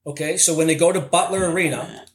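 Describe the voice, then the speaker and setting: A man's voice: on the high side, fast, a little hiss or hum. A man hosting a casual podcast interview, rambling and leaning heavily on filler phrases. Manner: rambling, heavy on "like" and "you know".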